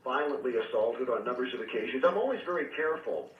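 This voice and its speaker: A man who is a reverend and exorcist, calling in as a radio guest and earnestly recounting his experiences with measured pauses and fillers. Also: medium pitch, expressive. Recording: tinny phone line, echoey and distant, faint hiss.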